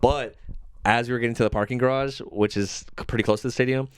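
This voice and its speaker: A man's voice: medium pitch, fairly even intonation, fast, clear, resonant tone. A young man co-hosting a podcast who tells stories in casual chat, with loose phrasing, plenty of filler words and frequent swearing. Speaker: podcast co-host.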